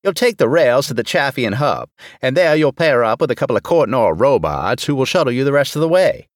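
A man's voice: mid-range voice, big pitch swings, brisk, no room sound, voice pushed up, natural voice. A man voicing a distractible older male rear admiral who rambles off topic, in a dry recording. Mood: rambling.

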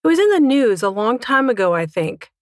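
A woman's voice: fairly high pitch, very animated, brisk, dry recording, clean studio sound, voice pushed up. A woman reader voicing a huge, short-tempered mother dragon who squawks and snaps. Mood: snappish. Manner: squawking, snappy, easily flustered.

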